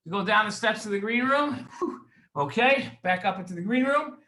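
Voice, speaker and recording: A man's voice: sits high, animated, normal speed, bright, forceful tone, reverberant. A man hosting a children's show, talking to kids with lots of energy and repeating his phrases. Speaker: host of a children's Jewish show. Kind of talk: upbeat kids' show hosting and storytelling.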